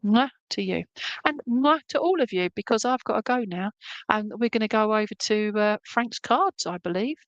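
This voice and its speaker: A woman's voice: mid-range voice, animated, moderate pace, no room sound, muffled recording. Chatty woman medium, dry sound. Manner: chatty, reassuring, checks in with "okay?" constantly. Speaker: spiritualist medium. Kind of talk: clairvoyant reading in an online church service.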